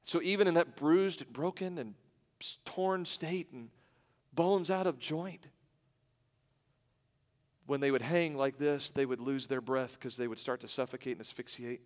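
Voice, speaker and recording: A man's voice: medium pitch, a little slow. Preaching man in a reverberant hall. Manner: dramatic, swings from loud to hushed. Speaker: pastor. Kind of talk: sermon.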